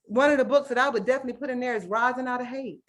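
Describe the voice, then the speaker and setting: A woman's voice: a little high, very fast. A woman teacher giving an earnest, emotional workshop talk over a video call, often checking in with "right?" and calling her audience "guys". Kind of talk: online conference presentation.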